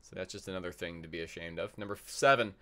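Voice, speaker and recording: A man's voice: deep voice, quick pace, sharp tone. A man hosting a live trivia game in a casual, jokey, rambling way, often repeating himself.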